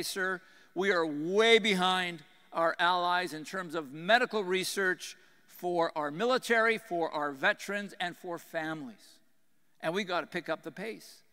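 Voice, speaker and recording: A man's voice: high-pitched, clean tone. Earnest man speaking in a reverberant hall. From Canada. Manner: earnest, storytelling, drops to a hushed tone for losses. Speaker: retired general giving a conference talk. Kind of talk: speech to a conference audience. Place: conference hall. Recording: hall reverb from a conference room.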